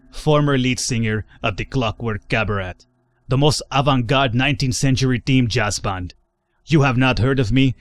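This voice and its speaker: A man's voice: mid-range voice, no room sound, lightly acted. A man voicing a pompous former jazz singer, speaking in a theatrical, lofty put-on foreign accent.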